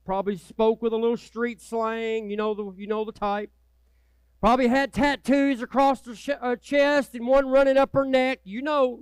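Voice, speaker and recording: A male pastor preaching a passionate sermon, moving from loud, urgent appeals to hushed, quiet prayer. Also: extremely high pitch, clean tone, dry recording.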